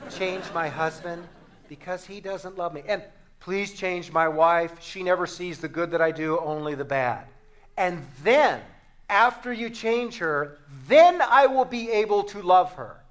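A pleading, complaining woman at prayer, as a preacher puts her on. She speaks in a fairly high voice, begging for her spouse to change. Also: measured pace. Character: a married person pleading in prayer, female.

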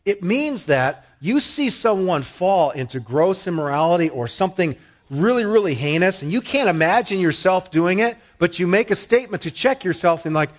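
A man preaching a sermon in a conversational way, asking the listeners questions and growing animated as he tells stories. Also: high voice, normal speed. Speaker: pastor.

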